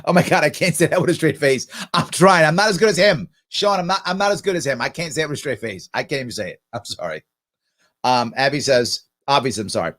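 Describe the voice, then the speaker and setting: A man's voice: mid-range voice, lively intonation, fast talker, a bit bright. A man hosting a livestream, reacting sarcastically to a political speech and answering viewer comments. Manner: sarcastic, talks back at the clip. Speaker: livestream host.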